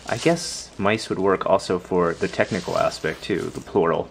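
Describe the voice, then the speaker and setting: A man's voice: deep voice, sing-song, normal speed, gravelly. A young man giving a casual, rambling home-tour vlog inside his house, self-deprecating and full of fillers.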